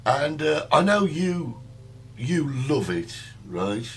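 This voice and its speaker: A man hosts a relaxed talk show and teases his co-host in easy banter. His pitch moves up and down a lot. A faint hum runs under the recording. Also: slow. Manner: teasing, greets listeners by name.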